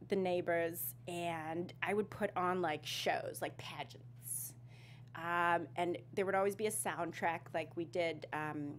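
A woman in her thirties from South Africa, a guest in an interview, talking in a casual, animated way and laughing often, with a slight South African twang in her speech. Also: lowish voice, a little hiss or hum. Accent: Canadian English with a slight South African twang. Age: 30s. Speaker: actress guest.

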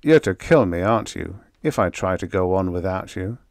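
A cold, hard-edged businessman, voiced by a man with a lowish voice, clipped and crisp in speech. It is a dry, close audiobook reading. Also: expressive, moderate pace, a little mellow, no room sound. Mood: quiet, pressing. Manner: crisp and curt.

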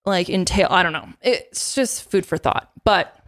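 A woman with a mid-range voice co-hosts a podcast. She chats casually, agreeing and reflecting out loud. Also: lowish voice, unhurried. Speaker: podcast co-host.

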